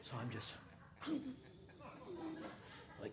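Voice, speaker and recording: A pastor preaches a sermon, praying and telling personal stories in which he animatedly acts out the voices of the people involved. His voice is on the high side at a moderate pace, with crowd noise around him.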